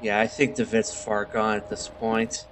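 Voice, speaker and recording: A man giving casual gameplay commentary, muttering and reacting out loud as he plays. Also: on the low side, flat delivery, a little slow, background noise. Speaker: gamer.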